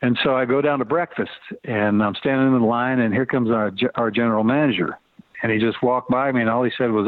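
A man's voice: mid-range voice, fast, dry recording. A man around sixty telling stories bluntly and casually, with cursing, as an interview guest. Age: 60s. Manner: blunt, laid-back storytelling with cursing. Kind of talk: storytelling interview answers. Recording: phone-line sound.

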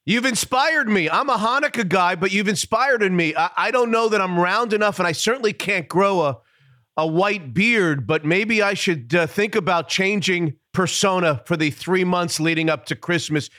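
Male radio host, high bright voice, friendly interviewer, dry studio. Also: normal speed, dry recording.

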